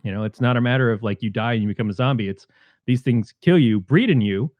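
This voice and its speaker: Talking fast in a mid-range voice, a male podcast co-host keenly walks through scenes from a film during a relaxed review chat. The audio is dull, with no room sound.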